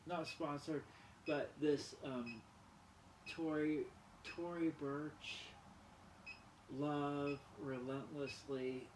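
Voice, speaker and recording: A man talks at an unhurried pace in a loose, playful vlog ramble, poking fun at himself. His voice sits a little high for a man. The room rings around him, and there is steady background noise. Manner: rambling, playful, self-mocking, repeats words aloud to practise them. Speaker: vlogger. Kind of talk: casual vlog chat. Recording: roomy sound with clear background noise.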